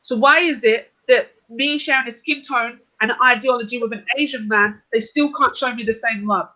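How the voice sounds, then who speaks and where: Insistent bright-voiced man arguing. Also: very high-pitched, normal speed, low-quality recording. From Scotland. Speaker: panel guest. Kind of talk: heated online panel debate.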